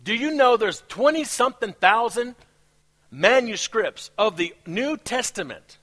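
A man with a non-native English accent preaching a sermon as a pastor, animated, laughing at his own asides. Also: sits high.

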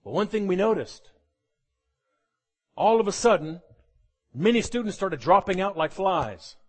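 A man preaches a sermon in a fairly high voice that swings widely up and down. He is animated and jokey, with humorous asides and acted-out quotes. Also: measured pace.

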